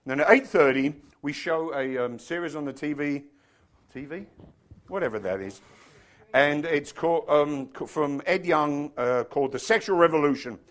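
A man's voice: fairly high pitch, normal speed. A middle-aged man from England with an English accent, preaching a chatty, joking sermon to his congregation. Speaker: pastor. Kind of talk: casual sermon.

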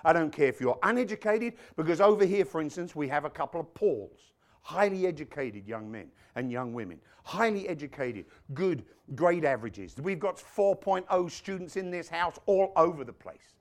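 An English man preaching a sermon in an animated way, swinging from loud exclamations to quiet prayer. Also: a little high, moderate pace.

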